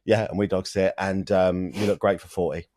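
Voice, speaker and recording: A man's voice: low voice, little pitch movement, fairly quick, darkish tone, no room sound, studio quality. A man co-hosting a podcast, chatting casually in a giggly, teasing and sweary way. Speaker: podcast co-host. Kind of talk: casual chat.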